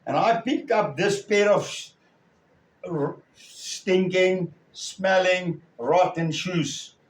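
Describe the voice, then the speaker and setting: A man preaching a sermon as a story, with a slow, halting delivery and many pauses. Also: high-pitched. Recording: echoey room, far from the mic.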